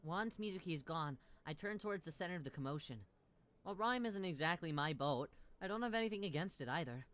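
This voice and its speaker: A woman streamer reading a visual novel aloud in first person. She breaks into loud shrieks and repeated cries, and she swears and jokes casually between lines. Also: on the low side, lively intonation, fast.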